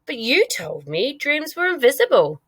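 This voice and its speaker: A woman's voice: sits high, very animated, moderate pace, fairly bright tone, voice pushed up. A woman voicing a young girl who asks anxious questions. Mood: worried. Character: young girl, curious and worried.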